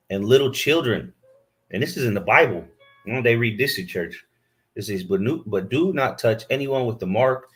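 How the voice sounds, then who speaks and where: A man preaching a fiery sermon, scolding his listeners and reading scripture aloud into a camera he set up himself. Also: on the low side.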